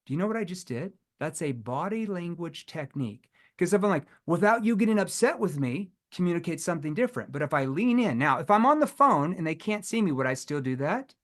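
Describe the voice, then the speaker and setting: A man's voice: fairly high pitch, sing-song, fairly quick, few pauses. A man leading a live online sales training, emphatic and firing rhetorical questions at his audience.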